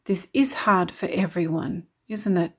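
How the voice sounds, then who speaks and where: A woman reading as a calm, tired mother. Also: fairly low pitch, unhurried, husky. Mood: reassuring. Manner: gentle, reassuring and calm. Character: tired, caring adult mother.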